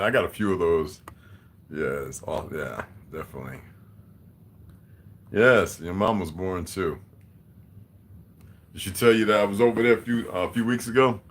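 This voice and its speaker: A man hosting a livestream in casual chat, reading and answering viewer comments, profane and blunt, laughing often and swinging between quiet muttering and loud heated outbursts. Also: deep voice, moderate pace, pauses often. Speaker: livestream host.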